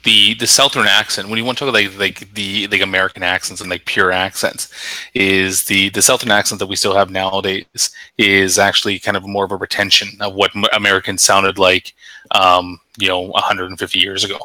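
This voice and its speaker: A man's voice: low-pitched, little pitch movement, fairly quick, pushed and bright, dry recording, low-quality recording. A man from Canada explaining at length in a casual group chat, with many fillers and restarts. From Canada (British Columbia).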